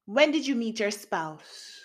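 A woman's voice: on the high side, big pitch swings, slow, heavily acted. A woman with a Jamaican accent quoting a male embassy officer, sounding incredulous with a rising voice.

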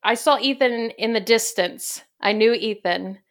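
Chatty, easygoing woman host for a casual podcast, quick to laugh. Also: on the high side. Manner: chatty and upbeat, laughs easily.

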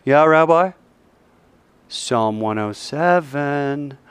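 Panicked young men in a storm-tossed boat, yelling for help in shrill, cracking cries that leap up high and swing wildly. Their voices are dry and close, as a teacher acts them out. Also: male voice, lively intonation, very slow, clear, resonant tone, dry recording. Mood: flustered. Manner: frantic shouting, breathless exclamations.

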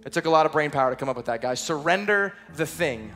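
A man's voice: a little high, lively intonation, fast talker, fairly bright tone, soft background music. A young man giving an earnest, conversational sermon as a youth pastor, with playful asides. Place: church auditorium, service also streamed online.

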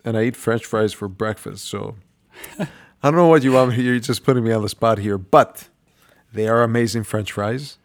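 Male co-host, lower voice, sheepish and chatty, dry recording. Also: moderate pace, no room sound. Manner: self-mocking, rambling, laughing. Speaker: podcast co-host and restaurant owner. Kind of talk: casual podcast chat.

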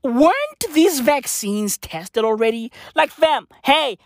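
A woman's voice: high-pitched, a bit bright, no room sound, clean studio sound. A woman, a podcaster, ranting casually with lots of swearing and slangy repetition. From South Africa.

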